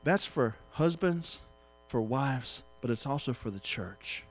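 A middle-aged man preaching an emotional sermon, swinging between loud exhortation and hushed tenderness. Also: mid-range voice, animated, slow pace, soft background music.

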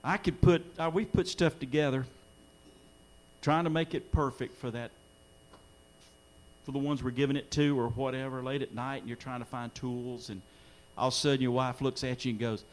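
A man's voice: medium pitch, fairly even intonation, normal speed. A middle-aged man preaching a sermon in a church, earnest, his voice swelling when he quotes scripture. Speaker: pastor. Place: church sanctuary during a live-streamed service.

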